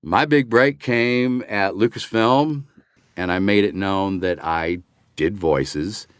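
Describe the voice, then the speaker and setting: An older man with a fairly low voice tells a story as an interview guest. He acts out the lines he quotes. The recording is dry and close. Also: slow pace, smooth, no room sound. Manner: animated, acts out quoted dialogue. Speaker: voice actor guest.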